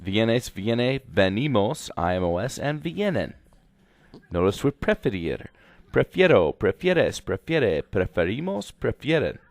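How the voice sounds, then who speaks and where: A man's voice: lowish voice, sing-song, a little slow, gravelly, dry recording. A man teaching a grammar lesson slide by slide, speaking instructively and repeating directions to students. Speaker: Spanish teacher.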